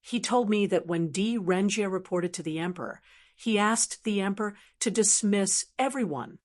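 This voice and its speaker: A woman's voice: mid-range voice, moderate pace, close to an everyday voice. A woman voicing a loyal male confidant who reports news plainly in an audiobook. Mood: dutiful.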